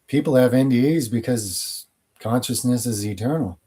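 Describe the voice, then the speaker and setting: A man talks through viewer questions on his own channel in a loose, rambling way. He is blunt and opinionated, and his voice has a soft, mellow warmth in a middling register. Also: medium pitch, moderate pace, husky. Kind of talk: casual Q&A monologue.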